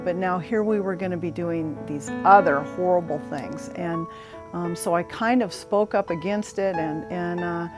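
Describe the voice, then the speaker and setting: A woman's voice: on the low side, moderate pace, music in the background. Earnest woman around sixty telling her story. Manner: earnest storyteller who acts out quoted dialogue, with frequent fillers and restarts. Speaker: interview guest. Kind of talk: personal testimony in conversation.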